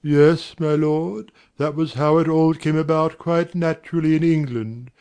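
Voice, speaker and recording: A man's voice: fairly high pitch, steady tone, measured pace, darkish tone, clean tone. A man playing a formal, deferential butler in an amateur drama reading. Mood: respectful. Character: faithful, deferential male butler.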